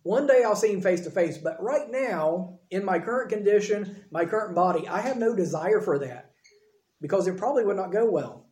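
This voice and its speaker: A man's voice: sits high, expressive, moderate pace, a little mellow, reverberant. A man preaching a conversational sermon, acting out quoted dialogue as he talks. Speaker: pastor.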